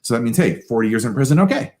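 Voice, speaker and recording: A man hosting a live astrology talk, answering audience questions in an animated, emphatic way with quick asides. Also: medium pitch.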